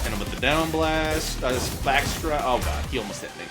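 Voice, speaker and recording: Excitable swearing gaming streamer man. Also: medium pitch, a little fast. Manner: excitable, swears freely, jokey asides. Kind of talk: casual gameplay commentary. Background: game music.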